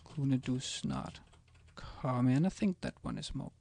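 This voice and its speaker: A man's voice: mid-range voice, wildly swooping pitch, slow, gravelly, a little mellow. A man teaching a language in a casual screencast, hesitant, with many ums and restarts as he types examples. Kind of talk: screencast lesson, typing examples.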